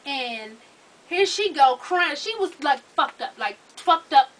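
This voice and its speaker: A young adult woman recounts a family story in relaxed, joking conversation. Her voice is high and bright, and she laughs easily and swears casually as she tells it. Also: slow. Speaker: relative and co-host. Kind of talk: casual comedic chat.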